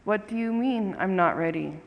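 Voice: mid-range voice, moderate pace, dull audio, lightly acted. A storyteller voicing a curious, outspoken little girl who asks frank questions, recorded with long reverb.

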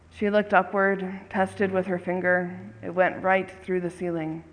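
A storyteller telling a tale in a calm, measured way, at a slow, unhurried pace. The voice sits at a middling pitch and carries a long reverb, as if told in a big hall.

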